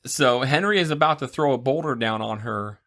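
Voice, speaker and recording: A man's voice: mid-range voice, brisk, a bit bright. A man co-hosting a podcast, casually retelling a film's plot with playful asides. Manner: rambling retelling with playful voices and laughs. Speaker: podcast co-host. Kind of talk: casual movie recap chat.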